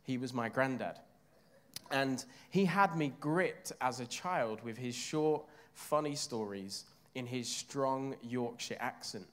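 An English man gives a sermon to his church. His voice sits in a middle pitch, and he talks in a chatty, easy way, often turning to the congregation with questions before settling into the teaching. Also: slow pace. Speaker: preacher.

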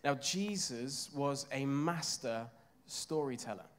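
Chatty English preacher with a congregation. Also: male voice, mid-range voice, slow pace. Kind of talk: sermon.

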